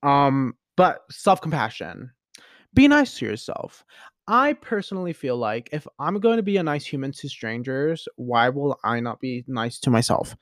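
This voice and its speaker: A man hosting a podcast, talking alone in a rambling, chatty and expressive way. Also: medium pitch, unhurried, no room sound, studio quality. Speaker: podcast host. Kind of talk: casual solo monologue.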